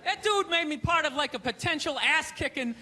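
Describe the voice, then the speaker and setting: A man doing a stand-up routine on a comedy stage, ranting and incredulous, bursting into shouts. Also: extremely high pitch, expressive, brisk, a crowd in the background, noisy background. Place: comedy stage before a live audience.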